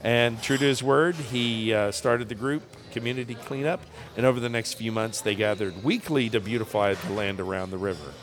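A man's voice: medium pitch, normal speed, few pauses. A man co-hosting a casual comedy podcast, reading out a news story and joking along the way with lots of fillers.

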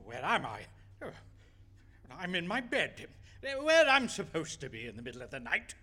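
Male actor as a panicked old miser in a radio play, high and bright. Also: wildly swooping pitch, normal speed, exaggerated voice. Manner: panicked pleading. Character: frightened old miser man woken in bed. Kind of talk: radio play acting on stage.

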